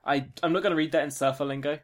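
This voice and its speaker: A man's voice: fairly high pitch, steady tone, fast. A man narrating a tabletop role-playing game as game master, joking and laughing often.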